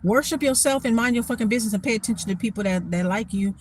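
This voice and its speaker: A woman telling a story in a casual vlog, blunt and profane, animated and quick to laugh. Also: fairly high pitch, a little hiss or hum. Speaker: storytime vlogger.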